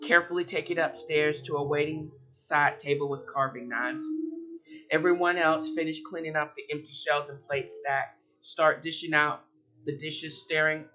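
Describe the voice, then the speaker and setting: A podcast host reading his own story aloud, halting now and then with slips and restarts. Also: a little high, steady tone, sharp tone, muffled recording, soft background music. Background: typing.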